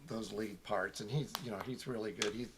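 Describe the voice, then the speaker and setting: Gravelly man, rambling and agreeable, faint background hiss. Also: lowish voice, steady tone, a little fast. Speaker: ukulele group member. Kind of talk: casual video-call chat. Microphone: video call.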